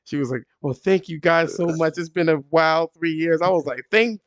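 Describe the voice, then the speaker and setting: A man with a fairly high, smooth and resonant voice hosts a casual gaming podcast. He tells stories in an animated, profane way and leaps up in pitch when quoting others. The sound is dry and close. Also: moderate pace, dry recording. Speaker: podcast host.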